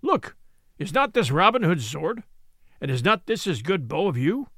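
A man's voice: high-pitched, sing-song, moderate pace, fairly bright tone, no echo, studio quality, heavily acted. A man voicing a cunning outlaw who fakes a harsh voice. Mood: scheming.

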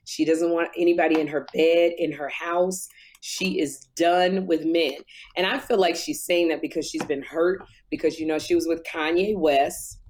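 A woman's voice: sits low, steady tone, moderate pace, darkish tone, slight background noise. A woman co-hosting a casual chat, gossiping at length and slipping into impressions. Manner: chatty gossip, slips into impressions. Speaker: co-host.

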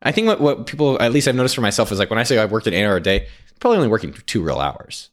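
Young male host, fast and expressive delivery, lowish voice, laughs easily. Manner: animated, asks probing questions, laughs often. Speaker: podcast host. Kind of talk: casual interview chat.

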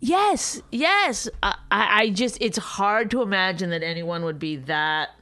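A woman's voice: mid-range voice, animated, a little slow, pushed and bright, no echo. A woman with a New York accent co-hosting a podcast, teasing and incredulous, swearing freely in casual banter. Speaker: podcast co-host.

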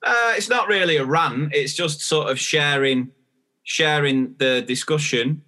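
Bright-voiced chatty man. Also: on the high side, unhurried. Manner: chatty storytelling, acts out dialogue. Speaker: podcast co-host. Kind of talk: casual chat.

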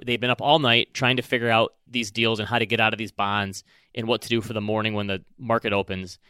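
A man's voice: medium pitch, smooth, no echo, clean studio sound. A man co-hosting a podcast, chatting casually and animatedly about a movie and acting out lines from it. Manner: animated, chatty, acts out quotes. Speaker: podcast co-host.

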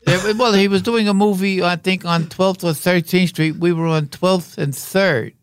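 An older man, a veteran actor and podcast guest, telling rambling, wry anecdotes with halting fillers. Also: high voice, steady tone, clean tone, dry recording, studio quality. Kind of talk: anecdotal interview talk.

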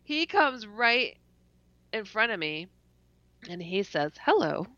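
A woman telling a personal story in a casual interview, animated and laughing often, stuttering and restarting as she goes. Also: mid-range voice, slow pace, no room sound. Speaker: interview guest. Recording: dull lo-fi dry recording.

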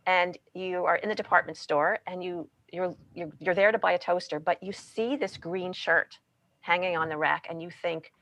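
A woman guest author explaining parenting ideas in casual chat, animated and often checking in with "right?". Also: lowish voice, normal speed, rough recording. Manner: animated, peppered with "you know" and "right?".

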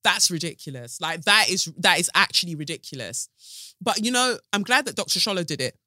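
A woman's voice: on the low side, lively intonation, a little fast, sharp tone, no room sound, studio quality. A woman hosting a podcast from her sofa, talking in an emphatic, sassy monologue. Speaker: podcast host. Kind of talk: casual commentary monologue. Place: home sofa.

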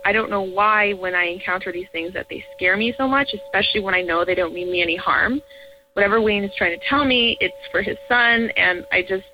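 A woman in her twenties, calling in to tell her own ghost story in an earnest, halting way with trailing restarts. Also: medium pitch. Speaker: caller sharing a ghost story. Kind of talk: personal paranormal story told to a radio show. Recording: muffled lo-fi audio with faint music.

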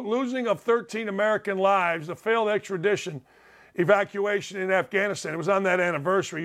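A man's voice: high voice, fairly bright tone. A man hosting a talk show, delivering combative, sarcastic commentary full of rhetorical questions. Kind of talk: opinionated commentary.

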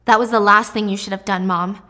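A woman's voice: mid-range voice, steady tone, a little fast, sharp tone, in a large hall, close to an everyday voice. A woman reading the lines of a betrayed young woman confronting her mother, accusing and emotional. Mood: anguished.

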